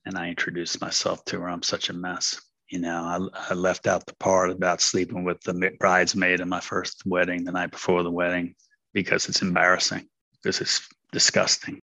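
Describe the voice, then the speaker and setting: An older man tells his story in a low, steady voice that barely rises or falls, with a bright edge to it. He talks candidly and rambles, with many fillers. The sound is close and dry. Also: no echo, dull audio. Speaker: speaker sharing at a recovery meeting. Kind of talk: personal testimony.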